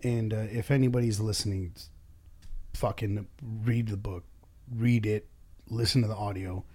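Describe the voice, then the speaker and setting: A man's voice: fairly low pitch, steady tone, normal speed, warm tone. A man who runs his own business, talking casually and bluntly in a podcast chat, swearing freely and acting out bits of dialogue. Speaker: business owner and boss.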